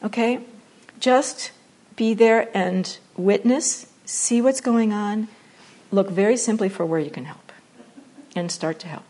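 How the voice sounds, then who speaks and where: A woman giving a spiritual talk that ties meditation to acting, playful and animated, often dropping to a soft, slow voice for repeated phrases. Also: mid-range voice. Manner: drops to soft, slow repetition when guiding meditation. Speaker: teacher.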